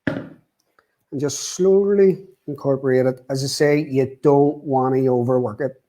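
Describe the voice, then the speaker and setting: A man's voice: medium pitch, measured pace, mellow. Chatty man demonstrating a recipe. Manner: chatty, repeats "as I say" and "wee". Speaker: guest cook. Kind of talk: live cooking demonstration.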